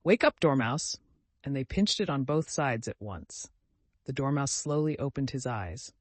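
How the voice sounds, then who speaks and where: A man narrating a storybook audiobook in a measured, even way. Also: medium pitch, no room sound.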